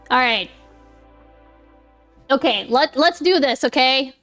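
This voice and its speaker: A woman's voice: high-pitched, a bit bright. A woman live streamer chatting casually with her viewers. She rambles, restarts often, laughs a lot and swears freely.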